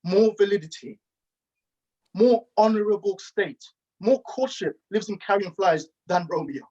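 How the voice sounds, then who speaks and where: A man sight-reading Shakespeare, playing a young man banished from his love, reading the verse in a halting, careful way over a video call. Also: sits high, warm tone, lo-fi sound. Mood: anguished. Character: young lovesick man Romeo, banished and despairing. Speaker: acting workshop participant.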